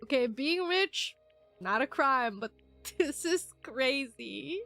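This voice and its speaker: A young woman streamer with a high, bright-sitting voice, chatting through a game. She is animated and giggly, talking back at the characters on screen. Faint music plays underneath. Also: slow, vocal fry. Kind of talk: casual game commentary.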